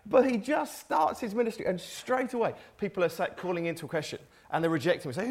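Man preaching, slightly high voice, very animated pitch, conversational, rhetorical questions. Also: a little fast, gravelly, few pauses, husky. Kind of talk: sermon with Bible reading.

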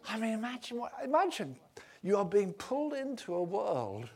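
A male preacher with a husky, slightly breathy voice, pitched a little high for a man. He tells the story with lively, swooping intonation, acting out scenes and dropping to near-whispers between loud bursts. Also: moderate pace. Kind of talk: sermon.

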